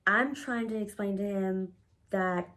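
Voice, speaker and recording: A woman recounting a personal story straight to camera for her viewers. She talks in a loose, lively way, cursing often and leaning on "like" between phrases. Her voice sits at an ordinary middle pitch for a woman. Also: measured pace. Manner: animated, profane, heavy use of "like". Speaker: storytime vlogger. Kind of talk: casual storytime.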